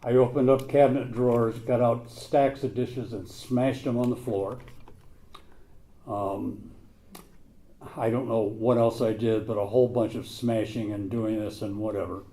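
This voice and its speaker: A man's voice: medium pitch, steady tone, measured pace, dark tone. An older man telling his own recovery story to a group, blunt and plain-spoken, with some mild swearing. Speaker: recovery meeting speaker.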